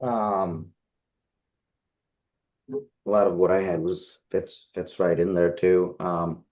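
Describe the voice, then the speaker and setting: A man's voice: sits low, steady tone, slow, a little mellow, lo-fi sound. A young man in a group talk, speaking hesitantly with many ums. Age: young adult. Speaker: group member.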